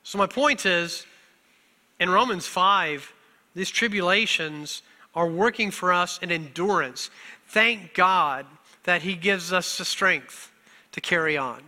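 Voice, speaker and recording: A man's voice: high-pitched, normal speed, bright, forceful tone. A middle-aged male pastor preaching a sermon, emotional and self-deprecating, on the verge of tears and often laughing through them. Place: church sanctuary. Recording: long church hall reverb.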